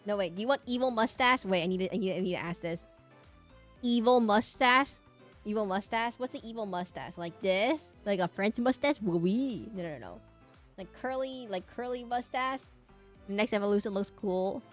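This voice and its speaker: A woman's voice: mid-range voice, brisk, faint music behind. A woman streamer chatting casually with her viewers while drawing, giggly and rambling. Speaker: livestreamer.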